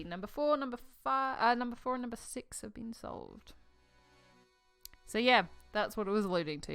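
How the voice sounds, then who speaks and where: A woman's voice: lowish voice, a bit bright, smooth. A woman casually talking through a puzzle game as she plays, trailing off as she thinks aloud. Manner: rambling, trails off with fillers. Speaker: let's-play host.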